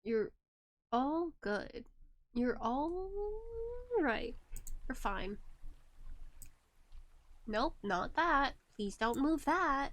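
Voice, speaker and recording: Young woman streamer, giggly and teasing, slow unhurried delivery, bouncy pitch, fairly high voice. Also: expressive, fairly bright tone, no echo. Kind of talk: casual live-stream chat with viewers.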